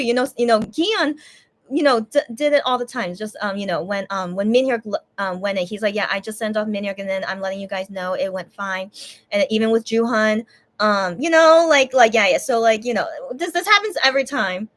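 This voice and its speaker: A young woman talking casually to her viewers while tearful and crying, halting with many restarts and pauses. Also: medium pitch, a bit bright. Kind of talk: emotional casual livestream talk.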